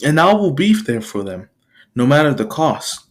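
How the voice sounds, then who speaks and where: A man's voice: on the high side, very animated, normal speed. A man voicing a big male superhero who talks to a boy in a reassuring, fatherly, chuckling way. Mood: earnest. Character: top male superhero, big, hearty, mentoring.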